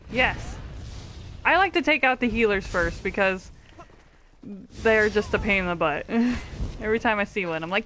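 A woman's voice: mid-range voice, lively intonation, moderate pace, pauses often, fairly bright tone, a little hiss or hum. A woman giving casual, bubbly and self-mocking commentary while playing an online game. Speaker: gaming youtuber.

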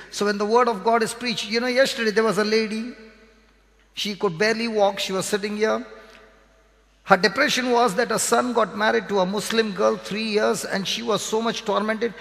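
A man with an Indian English accent preaches in a high, gravelly voice. He drives each point home by repeating it and quizzing the congregation. The sound carries a long echo from the hall. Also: normal speed, fairly bright tone. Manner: repetitive, emphatic teaching with call-and-response questions. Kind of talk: sermon. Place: church hall. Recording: reverberant hall.

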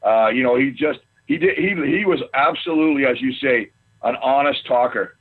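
Male interview guest, husky, loose and chatty, heard over a thin phone line. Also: mid-range voice, moderate pace. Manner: rambling, animated storyteller with many restarts. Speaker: guest, former football player. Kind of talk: casual storytelling interview.

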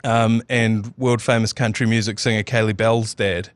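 A man with a New Zealand accent co-hosting a casual podcast, telling stories in a lively way and laughing as he goes. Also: on the low side, moderate pace, no echo, studio quality. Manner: lively storytelling, often laughing mid-sentence. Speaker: podcast co-host. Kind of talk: casual chat.

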